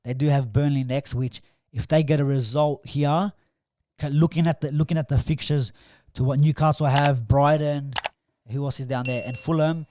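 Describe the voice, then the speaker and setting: A man, co-hosting a casual football chat, who gets animated in bursts and trails off mid-sentence. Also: fairly high pitch, moderate pace, background noise. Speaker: podcast co-host.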